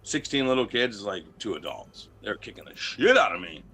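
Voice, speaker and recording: A man's voice: on the low side, big pitch swings, a little fast, bright, forceful tone, breathy edge. A man being interviewed as a wrestling champion, talking in a brash, boastful, profane way and telling stories casually.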